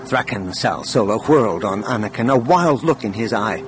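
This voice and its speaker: A man narrating an audiobook in an expressive, scripted reading style. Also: lowish voice, moderate pace, background noise.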